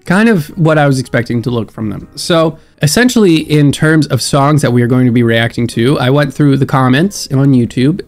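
A young man with a stuffed-up nose, hosting a casual music reaction with excitable, musing commentary. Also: mid-range voice. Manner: excitable, laughs often, muses aloud. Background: faint music.

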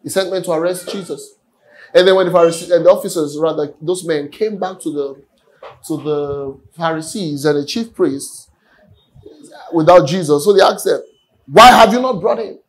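A man's voice: fairly high pitch, normal speed, darkish tone, low-quality recording. A man preaching a sermon earnestly, often repeating his words. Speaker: pastor. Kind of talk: sermon teaching.

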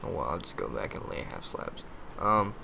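A man's voice: very deep voice, big pitch swings, moderate pace, gravelly, bright, forceful tone, a little hiss or hum. A man giving casual gameplay commentary, muttering to himself, yelping and cursing when frustrated, with crude jokes. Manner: muttering, easily frustrated, yelps and curses at the game; crude joking.

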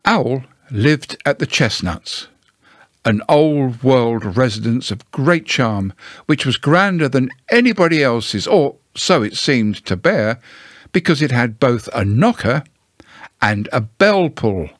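A man narrating a children's storybook in a gentle, unhurried manner. His pace is slow and his pitch moves with lively ups and downs. The recording is dry and close, with no room sound. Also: no room sound. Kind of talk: storybook reading aloud.

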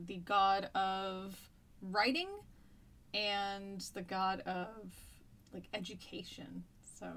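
A woman's voice: mid-range voice, a bit bright. Chatty woman teaching on a stream. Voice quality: chatty, rambling, with many fillers and restarts. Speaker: history teacher. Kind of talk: casual live-stream lesson chat.

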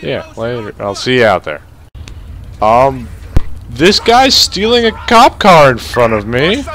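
A young man giving let's play commentary, tired but excitable, swearing often over loud game audio. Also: mid-range voice, a little slow. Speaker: gamer. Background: loud game sirens and traffic.

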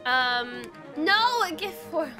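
A woman's voice: high-pitched, big pitch swings, drawn-out words. Bubbly, giggly young woman. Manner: bubbly, giggly, lots of "like" fillers. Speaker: streamer. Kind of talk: casual chat while livestreaming a game. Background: faint game music.

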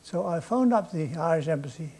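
A man's voice: on the high side, expressive, a little fast, dark tone, slightly rough. An older man, a comedian, telling comic stories on stage with a dry, drawling delivery. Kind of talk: anecdotal storytelling on stage. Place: stage before a live audience.

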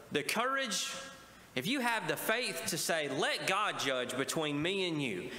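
A man's voice: sits high, pushed and bright, slight background noise. A male pastor preaching a sermon, often asking the congregation to respond. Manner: preaching with call-and-response asides. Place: church sanctuary. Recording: echoey church hall with faint ambience.

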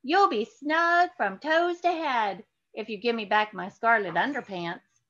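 A woman voicing a plucky little boy superhero who pleads and bargains, in a high, loud, drawn-out voice. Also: muffled recording. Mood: bargaining.

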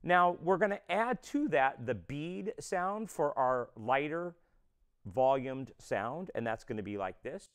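Smooth-voiced male drum teacher. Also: on the high side, expressive, takes it slowly. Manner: explains step by step, counts beats aloud. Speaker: drum instructor. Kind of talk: instructional drum lesson.

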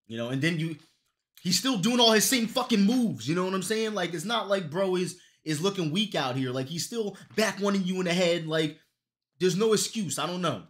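A young man streaming live, chatting casually with viewers in a loose, profane, joking way that breaks into loud, high outbursts. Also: animated, normal speed.

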